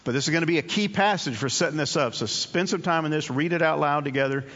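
A man's voice: fairly high pitch, fast, fairly bright tone. A man preaching a sermon in an earnest, conversational way, often repeating his key phrases. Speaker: pastor. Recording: dull audio with long hall reverb.

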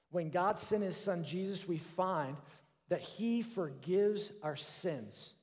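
A man preaching a sermon in an earnest way, with his voice falling softer when he voices prayers. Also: high-pitched, takes it slowly. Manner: earnest, drops to a soft hush for quoted prayers. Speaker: pastor. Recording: long hall reverb.

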